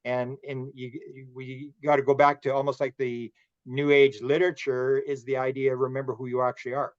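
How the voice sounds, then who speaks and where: A man's voice: mid-range voice, flat delivery, normal speed, no echo. A man hosting a casual podcast chat, talking in a rambling way with frequent restarts. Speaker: podcast host. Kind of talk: casual conversation. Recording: dull lo-fi dry sound.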